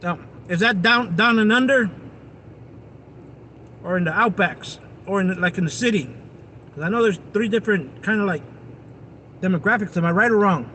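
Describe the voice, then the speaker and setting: A man's voice: high-pitched, normal speed, pauses often, pushed and bright, a little hiss or hum. A man chatting casually with his livestream viewers, rambling and talking to them directly, out of doors. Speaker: live streamer.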